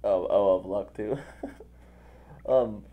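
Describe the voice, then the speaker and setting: A man's voice: lowish voice, takes it slowly, phone-quality sound. A man hosting an interview, chatting casually and praising his guest effusively. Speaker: interview host.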